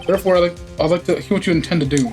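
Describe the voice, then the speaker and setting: A man voicing a slow, bewildered judge in measured, halting sentences. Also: sits high, darkish tone, soft background music, natural voice. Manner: halting, ponderous. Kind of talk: game dialogue read aloud.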